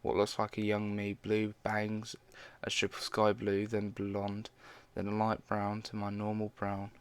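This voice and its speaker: A man's voice: lowish voice, completely flat delivery, measured pace, clear, resonant tone. A man casually reading fan fiction aloud, stumbling now and then and dropping in his own side comments.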